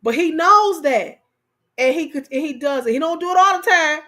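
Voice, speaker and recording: A woman hosts a casual livestream, speaking straight to her viewers. Her voice sits high, and she keeps it lively and playful, laughing as she goes. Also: moderate pace. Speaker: live stream host.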